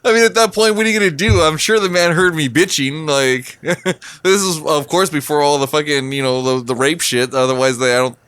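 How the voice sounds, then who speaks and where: A man's voice: a little high, a little fast, a bit bright, smooth, no echo. Profane, laughing male podcast co-host. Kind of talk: casual drinking-show chat.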